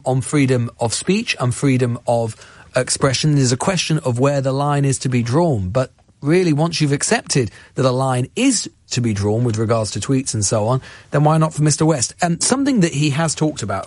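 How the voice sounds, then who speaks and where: A man's voice: medium pitch, a little mellow, no room sound. A male radio host giving earnest, argumentative commentary and interviewing a guest, with frequent restarts. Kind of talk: opinionated talk radio commentary. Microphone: studio microphone.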